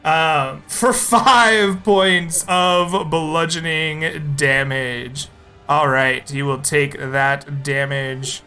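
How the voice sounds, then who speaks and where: Male game master for a tabletop stream, unhurried and bright-toned, soft music underneath. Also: fairly high pitch, fairly even intonation. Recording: faint background music.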